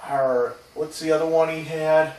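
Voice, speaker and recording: A man's voice: a little high, fairly even intonation, a little slow, a little mellow. A man in his thirties rambling through a personal story, hesitant and casually swearing. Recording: roomy, distant from the mic.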